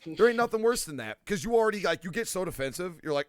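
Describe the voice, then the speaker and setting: Young male host, clear smooth voice, lively swinging delivery, chatty anecdotes. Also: high voice, fast, dry recording, studio quality. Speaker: podcast host. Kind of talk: casual chat.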